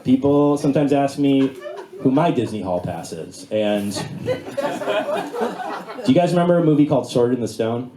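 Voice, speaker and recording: Rambling young stand-up comedian, lively pitch. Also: male voice, normal speed, long pauses. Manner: casual, rambling delivery with many fillers. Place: comedy club stage before a live audience. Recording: live room with audible noise.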